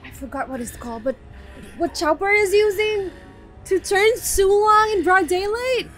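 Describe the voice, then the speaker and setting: A woman hosting an anime reaction video, exclaiming and shouting emotionally as she watches. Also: very high-pitched, animated, moderate pace, soft background music. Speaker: anime reaction channel host. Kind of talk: live reaction to an anime episode.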